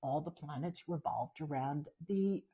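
A woman's voice: deep voice, a little slow, mellow, husky. A woman in her sixties hosting a casual live-stream talk, musing aloud with many fillers and asides. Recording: dull lo-fi sound.

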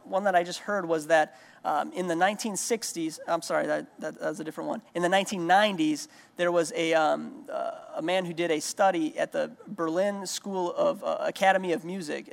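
High-voiced pastor in a reverberant hall. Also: male voice, gravelly. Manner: conversational storytelling, frequent restarts. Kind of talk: sermon. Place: church sanctuary. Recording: long reverb of a large hall.

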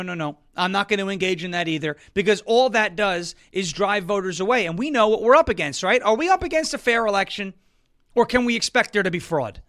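Male political commentary host, high and bright tone, sarcastic and emphatic. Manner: sarcastic, mocks opponents in put-on voices; loud emphatic outbursts.

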